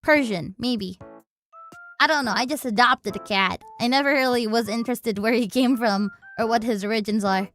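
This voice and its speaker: A woman's voice: a little high, moderate pace, hardly any pauses, a bit bright. A young woman streamer in casual chat, chatty and playful, mixing in Indonesian words. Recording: faint background music.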